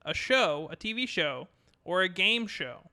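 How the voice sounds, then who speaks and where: A young man co-hosting a casual gaming podcast, joking around and running a quick-fire quiz. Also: high voice, expressive, bright, forceful tone.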